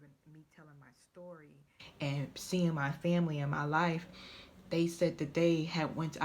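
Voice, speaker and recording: A woman telling her own story in a vlog, halting and tearful at times, often dropping to a whisper. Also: low-pitched. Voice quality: often drops to a soft whisper. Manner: halting, tearful, stumbling over words. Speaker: vlogger. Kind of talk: emotional personal vlog.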